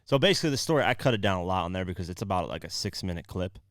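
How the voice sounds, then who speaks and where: Deep-voiced podcast host retelling stories. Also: male voice, animated, very fast, dry recording, clean studio sound. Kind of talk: casual podcast commentary.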